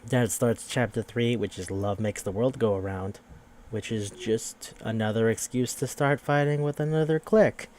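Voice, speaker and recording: A man's voice: mid-range voice, moderate pace, darkish tone, slight background noise. A man hosting a podcast, casually recapping a video game in a rambling, profane way and acting out characters' lines. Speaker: podcast host.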